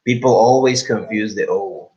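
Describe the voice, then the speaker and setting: Halting Spanish-accented man teaching. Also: lowish voice, darkish tone. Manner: halting, repeats words, many fillers. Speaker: English pronunciation teacher. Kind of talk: live class instruction. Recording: dull lo-fi recording.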